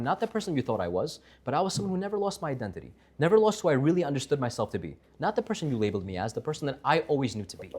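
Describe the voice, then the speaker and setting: A man giving a Torah class, telling a story with lively voices for its characters. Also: medium pitch.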